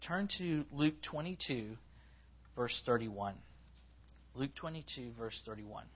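A man preaching in an easygoing, conversational way, his pitch lifting whenever he acts out what people say. His voice sits mid-range, and the recording has a slightly dull, lo-fi sound. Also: animated, takes it slowly, slightly rough. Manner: conversational, rising in pitch when acting out quotes. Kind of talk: sermon.

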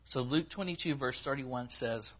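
A man preaching in an easygoing, conversational way, his pitch lifting whenever he acts out what people say. His voice sits mid-range, and the recording has a slightly dull, lo-fi sound. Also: normal speed, breathy edge. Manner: conversational, rising in pitch when acting out quotes. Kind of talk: sermon.

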